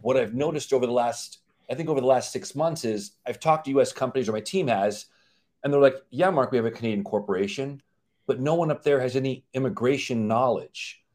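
A man with a middle pitch explains procedures with firm emphasis. He breaks into little acted-out exchanges, voicing clients and lawyers as he goes. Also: brisk, a little mellow. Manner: emphatic, acts out quoted exchanges. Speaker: guest, company CEO. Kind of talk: explaining live-stream chat.

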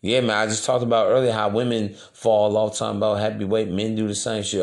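A man's voice: fairly low pitch, steady tone, fairly quick, hardly any pauses. A man hosting a podcast, talking in a loose, slangy, preachy monologue. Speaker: podcast host. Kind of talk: casual monologue.

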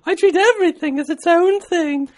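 A man voicing a prim, high-voiced lady who reads a letter aloud in a sing-song falsetto. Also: normal speed. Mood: prim reading.

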